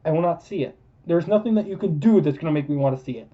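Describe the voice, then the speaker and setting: A man's voice: fairly high pitch, animated, fast talker. A man ranting in a film review vlog, emphatic and repetitive, losing his voice. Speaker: movie reviewer. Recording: dull lo-fi recording.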